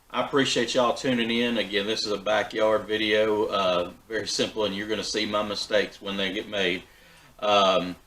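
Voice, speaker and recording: A man hosting a backyard barbecue vlog, talking in a relaxed, folksy way with fillers and restarts. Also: lowish voice, low-quality recording. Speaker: backyard BBQ channel host. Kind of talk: casual cooking vlog.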